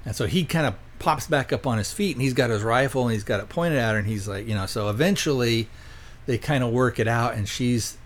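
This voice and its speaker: A man of ordinary pitch recaps a film's plot for his podcast listeners. He rambles and restarts, leans on fillers, and tosses in loose paraphrased lines from the characters. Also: brisk. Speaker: podcast host reviewing films.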